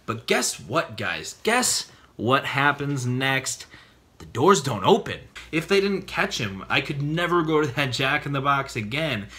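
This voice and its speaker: A man vlogging to camera, telling personal stories with big dramatic reactions and acted-out quotes. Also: unhurried. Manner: excitable, acts out voices in his stories with big pitch jumps. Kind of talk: animated storytelling to camera.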